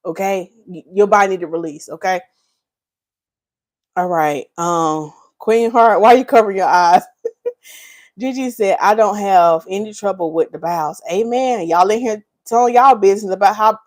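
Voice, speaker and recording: At normal speed and in a mid-range voice, a North Carolina woman reads viewers' comments on her casual hair care livestream. She teases them playfully, laughing a lot, animated and speaking Southern Black vernacular.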